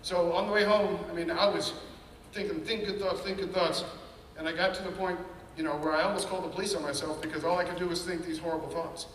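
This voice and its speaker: Man, fairly high voice, candid testimony, heard from a distance in a big reverberant hall. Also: fairly even intonation, quick pace, hardly any pauses, a bit bright. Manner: candid, earnest storytelling with quoted inner voices. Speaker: speaker sharing his story. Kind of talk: personal testimony talk. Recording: echoey hall, mic at a distance.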